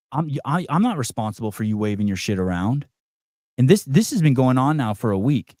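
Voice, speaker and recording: A man's voice: mid-range voice, expressive, quick pace, a little mellow, no room sound, studio quality. A middle-aged man hosting a podcast, talking casually and bluntly with many restarts and fillers. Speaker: podcast host. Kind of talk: casual chat.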